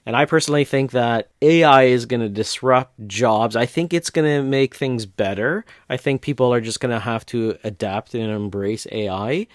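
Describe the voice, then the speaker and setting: Male tutorial host, step-by-step casual walkthrough, dry close sound, mid pitch. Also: moderate pace, few pauses, no room sound. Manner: relaxed step-by-step narration with casual fillers. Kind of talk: screen-recorded software walkthrough.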